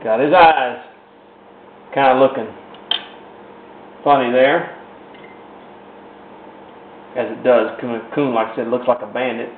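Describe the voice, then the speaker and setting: Slow, folksy man demonstrating painting. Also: medium pitch, fairly even intonation. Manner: folksy, rambling, repeats "in other words". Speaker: painting instructor. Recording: roomy, tinny lo-fi with faint hiss.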